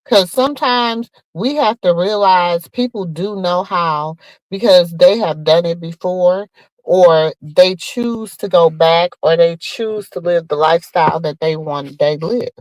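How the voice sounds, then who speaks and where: A woman's voice: on the low side, a little slow, no room sound, low-quality recording. Chatty woman gossip host, dry sound. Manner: animated, chatty, talks straight to viewers. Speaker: podcast host. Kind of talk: casual gossip commentary.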